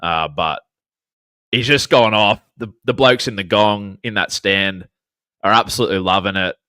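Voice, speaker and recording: A man's voice: fairly low pitch, moderate pace, pushed and bright, no echo. An Australian man hosting a casual sports chat, laid-back and jokey, swearing freely. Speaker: podcast host reading chat.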